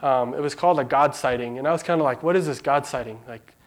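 A man's voice: mid-range voice, fast. A man giving an earnest, conversational sermon, emotional and holding back tears. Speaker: preacher.

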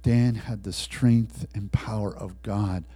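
A man preaching a sermon, telling a story and acting out the voices in it, swinging between loud bursts and hushed lines. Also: lowish voice, steady tone, slow pace, breathy edge.

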